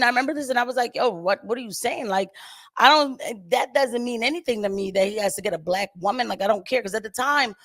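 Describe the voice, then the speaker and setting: A woman's voice: mid-range voice, no room sound, studio quality. A woman speaking in an emphatic, casual way on a debate panel, full of fillers. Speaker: panelist and channel commentator.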